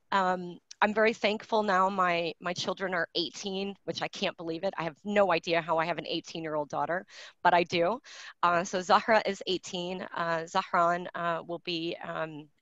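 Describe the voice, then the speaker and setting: Woman, forties, low voice, conversational keynote speaker, dull lo-fi video call audio. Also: fairly bright tone, dry recording. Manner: candid, conversational, with frequent fillers and restarts. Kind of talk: virtual graduation address.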